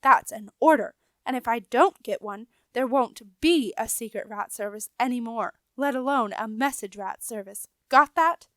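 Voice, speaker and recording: A woman's voice: a little high, moderate pace, a bit bright, no echo, natural voice. A woman voicing a young royal girl who is insistent and stern.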